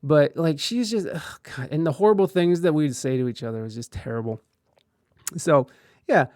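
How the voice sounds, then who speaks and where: A man's voice: on the high side, moderate pace, darkish tone, dry recording, clean studio sound. A man streaming live, chatting casually and telling rambling, profane stories while reacting to videos.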